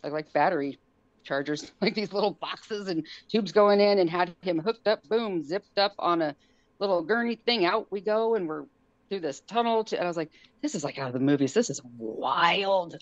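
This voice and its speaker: A woman telling a story on a podcast in a casual way, acting out the quotes in a high, excited voice. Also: moderate pace, no room sound, lo-fi sound. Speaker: guest.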